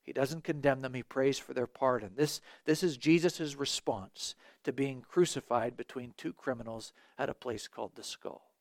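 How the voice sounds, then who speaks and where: A man's voice: mid-range voice, moderate pace, dry recording. A man preaching a sermon in an earnest way, asking rhetorical questions and sometimes restarting his words.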